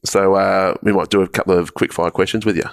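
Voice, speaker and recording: A man hosting a casual podcast interview, asking the guest relaxed quick-fire questions. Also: sits low, creaky, clear, resonant tone. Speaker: podcast host.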